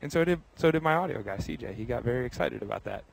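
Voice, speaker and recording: A man's voice: mid-range voice, lively intonation, fast, vocal fry, slight background noise, low-quality recording. Young guy hosting a live walk thru the race garage, chatty, upbeat, talking to the chat on the move outside. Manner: upbeat, chatty, talks to viewers by name; walking while talking. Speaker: host. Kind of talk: live walking tour commentary. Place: racetrack garage area, outdoors in wind.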